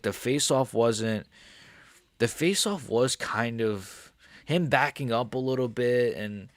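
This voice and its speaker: A man's voice: on the low side, a bit bright, no room sound. A man hosting a casual MMA livestream, answering viewers in a profane, rambling way. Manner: profane, rambling, talks straight to chat.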